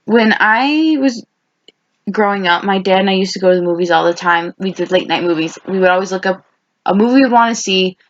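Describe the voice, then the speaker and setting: A woman's voice: medium pitch, a little fast. A young woman co-hosting a podcast, chatting casually with her best friend in long, rambling stories full of fillers. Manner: rambling, filler-heavy storytelling. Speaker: podcast co-host. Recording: dull lo-fi podcast recording.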